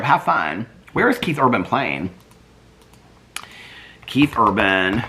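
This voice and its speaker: A man's voice: sing-song, moderate pace, bright, forceful tone, slight background noise. A man vlogging in casual chat, reading viewer comments and thinking aloud as he looks things up. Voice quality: deep, soothing voice. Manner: chatty, rambling, thinks aloud while searching online.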